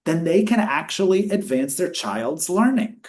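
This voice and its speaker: Energetic man explaining research findings. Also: on the high side, measured pace. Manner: energetic, speeds up when quoting questions; teaching, explanatory. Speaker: researcher presenting study findings. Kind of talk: webinar discussion.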